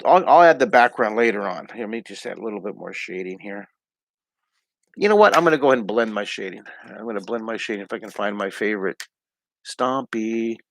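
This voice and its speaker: A man's voice: medium pitch, dry recording. A cheerful middle-aged man teaching drawing live from home. He chats freely and talks through every stroke in a mid-range voice. The sound is dry and close. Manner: upbeat, chatty, talks through each pencil stroke. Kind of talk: live online drawing lesson.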